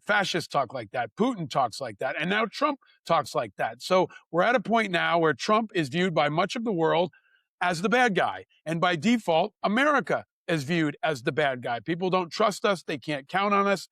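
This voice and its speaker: A man's voice: on the high side, lively intonation, moderate pace, fairly bright tone, no echo. Male host, earnest, repeated phrases, dry close sound. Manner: earnest, builds a long question with repeated phrases. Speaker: podcast host. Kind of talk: interview question.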